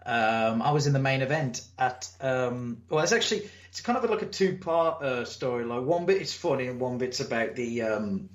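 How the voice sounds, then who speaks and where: A man, a wrestler telling stories in a casual interview, animated and acting out voices, swearing now and then. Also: mid-range voice, moderate pace, few pauses. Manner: animated storyteller, acts out crowd and promoter. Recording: echoey room, muffled lo-fi sound.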